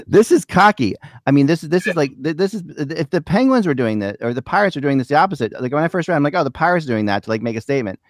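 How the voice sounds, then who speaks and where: A man's voice: fairly high pitch, animated, dry recording, clean studio sound. A man hosting a casual sports podcast, rambling with many restarts. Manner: fast, rambling, lots of restarts. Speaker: podcast host.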